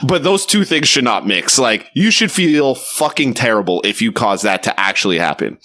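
Blunt young Canadian man, bright tone. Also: medium pitch, lively intonation, normal speed. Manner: blunt, profane, teasing. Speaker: podcast co-host. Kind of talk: casual chat.

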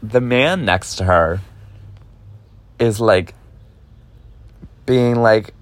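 Animated young man telling a story. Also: fairly low pitch, drawn-out words, dry recording. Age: 20s. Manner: animated, lots of fillers and swearing, acts out quotes. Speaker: vlogger. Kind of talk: casual storytelling.

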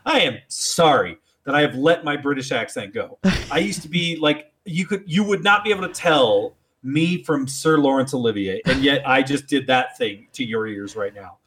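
A man's voice: medium pitch, normal speed, few pauses, fairly bright tone, slight background noise. A man co-hosting a podcast in casual, profane, joking chat. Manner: jokey, profane, riffing. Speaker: podcast co-host.

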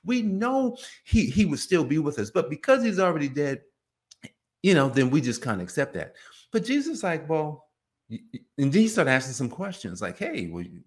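A man's voice: a little high, moderate pace. A man giving an informal, conversational sermon, acting out biblical dialogue in voices. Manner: animated, acts out biblical dialogue in character voices; conversational, many fillers like "you know" and "man". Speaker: preacher.

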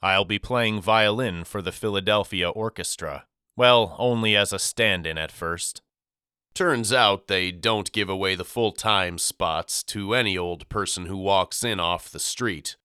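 A man reading as a gentle, reassuring father. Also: sits low, measured pace, smooth, dry recording, clean studio sound. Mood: tender. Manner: soft-spoken and reassuring. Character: gentle, loving father of two boys. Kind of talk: audiobook character reading.

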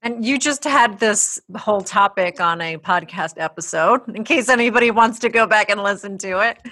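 A woman's voice: mid-range voice, normal speed, sharp tone. A woman co-hosting a podcast, asking probing questions in a casual interview. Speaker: podcast co-host.

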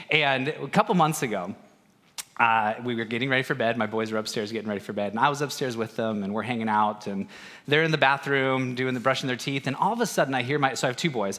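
Man, thirties, pastor, conversational sermon, self-deprecating, bright tone, echoing church hall. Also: mid-range voice. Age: 30s. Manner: conversational, self-deprecating, acts out family dialogue. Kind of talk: casual sermon with personal stories. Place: church auditorium. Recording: long hall reverb.

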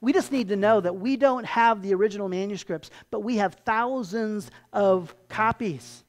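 A pastor preaching a sermon with animated storytelling and emphatic turns. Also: medium pitch, moderate pace.

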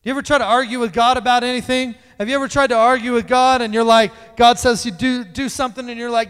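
A man's voice: extremely high pitch, fairly even intonation, fast, few pauses, a bit bright, clear, resonant tone. A man preaching a sermon in a church, conversational and playful with the congregation. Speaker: pastor. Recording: long hall reverb.

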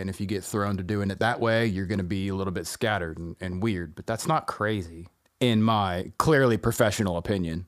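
A man co-hosting a podcast in casual chat, laid-back and teasing, calmly talking his friend down. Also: lowish voice, fairly quick. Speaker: podcast co-host.

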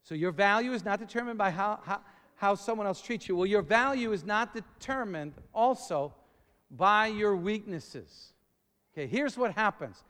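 A middle-aged man preaching a sermon, rambling and repeating words, then building up to shouting. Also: high-pitched, animated, moderate pace. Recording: long reverb of a large hall.

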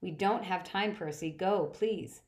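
A frightened mother in a storybook, her voice tight and strained as she begs her son to understand, read by a woman. She gives firm, urgent instructions. The tone sits low and steady. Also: unhurried.

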